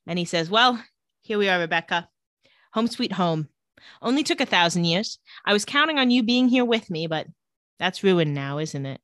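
A woman in casual chat, walking through a TV episode scene by scene. Her voice swings up and down in pitch. It sounds dry and close, with no room around it. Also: lively intonation, moderate pace, fairly bright tone, no room sound. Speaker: podcast co-host recapping a TV episode.

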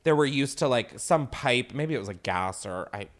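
A man's voice: mid-range voice, moderate pace. A man hosting a podcast, tipsy on wine, telling crude, rambling stories in casual chat. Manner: crude, rambling, lively storytelling.

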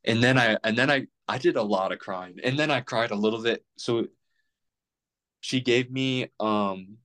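A man's voice: mid-range voice, moderate pace, fairly bright tone. A young man in his twenties, a podcast guest rambling casually with plenty of fillers and restarts. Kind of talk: casual chat.

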